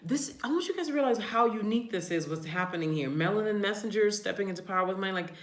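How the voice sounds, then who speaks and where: A woman's voice: medium pitch, lively intonation, fast talker, roomy sound. A woman hosting a casual live stream, chatting with viewers, reading their comments aloud and laughing often. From family from New Orleans. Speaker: livestream host.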